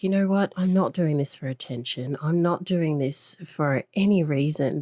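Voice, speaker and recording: A woman hosting a podcast with a low voice, talking earnestly and reflectively and pausing now and then. The recording is dry and close, with no room echo. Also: a little mellow. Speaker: podcast host. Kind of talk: conversational interview.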